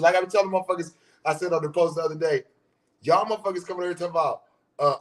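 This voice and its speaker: Man, casual vlog rant, blunt, profane, slightly high voice, repeats himself. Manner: repetitive, rhetorical questions. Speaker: social media commentator.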